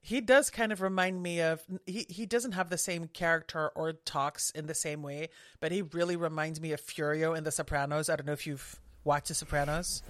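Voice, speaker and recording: A woman's voice: low voice, fairly even intonation, moderate pace, no echo. A woman guest on a podcast, chatting casually and agreeably. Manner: chatty, agreeable, lots of fillers and laughs. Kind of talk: casual chat.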